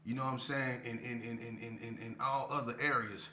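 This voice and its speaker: A man's voice: medium pitch, flat delivery, fairly quick, bright, forceful tone, a little hiss or hum. A man telling prison stories casually, rambling and repeating "man" and "you know what I'm saying". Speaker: storyteller vlogger. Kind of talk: casual storytelling. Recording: roomy echo.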